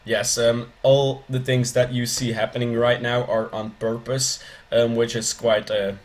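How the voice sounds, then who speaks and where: A young man commentating a strategy game with mock-serious deadpan humor, hesitating with frequent ums. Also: mid-range voice, a little slow. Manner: hesitant, lots of ums, dry jokes. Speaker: gameplay commentator.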